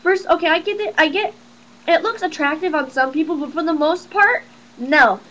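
A woman's voice: extremely high pitch, normal speed, pushed and bright, low-quality recording. A teenage girl ranting casually to camera in a sarcastic, exasperated, rambling way. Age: teens. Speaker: vlogger.

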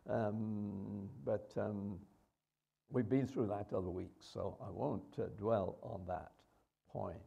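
A man's voice: on the low side, fairly even intonation, slow pace, gravelly, dark tone, slightly rough, dull audio. A man preaching a sermon in a conversational way, with rhetorical questions and hesitations.

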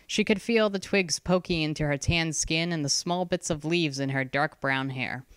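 A narrator reads a fantasy chapter in steady, scripted storytelling. The voice is smooth and resonant, sitting in the middle of the pitch range. The recording is close and dry. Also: moderate pace, dry recording. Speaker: audiobook narrator.

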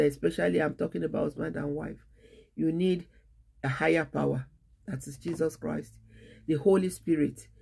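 A woman pastor delivers a sermon in an earnest preaching cadence, breaking her thoughts into short phrases with pauses between them. Her voice carries a gravelly, creaky edge. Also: sits low, darkish tone. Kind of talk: sermon on marriage.

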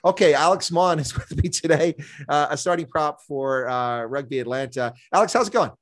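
A man's voice: fairly high pitch, normal speed. A man hosting a casual sports interview show, chatty and repeating words as he thinks aloud. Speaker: podcast host.

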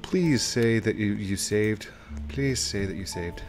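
A man with a deep, low-pitched voice narrates his gameplay in a relaxed, unhurried way. He chats to himself and his viewers and tosses in playful little sound words. Faint music plays behind him. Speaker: YouTube gamer. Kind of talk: casual let's-play commentary.

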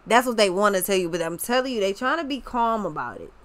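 A woman's voice: mid-range voice, expressive, fast, fairly bright tone. Blunt, slangy woman tarot reader. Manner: talks straight to the viewer. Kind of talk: casual tarot reading.

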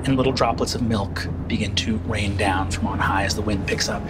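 A man's voice: lowish voice, steady tone, brisk, very noisy. A man running a tabletop game as game master, narrating with many ums and uhs. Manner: hesitant, full of ums and uhs.

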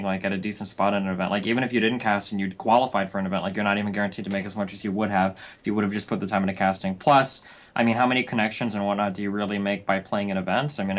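A man whose voice sits a little low, talking very fast. He rambles through a casual panel discussion and keeps leaning on "like" and "I mean" as he goes. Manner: rambling, heavy use of "like" and "I mean". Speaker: pro gamer and caster guest.

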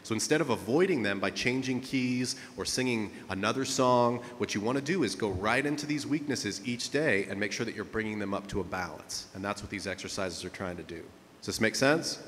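A man's voice: on the low side, a little fast, fairly bright tone, long reverb tail, slight background noise. A man working as a vocal coach, leading a singing lesson and checking in with his students as he goes. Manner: encouraging, coaching with frequent "okay?" checks.

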